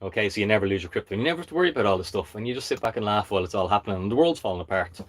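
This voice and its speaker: Male live-stream host, lower voice, blunt and emphatic, keeps asking "okay?". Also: expressive, very fast. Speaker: crypto channel host.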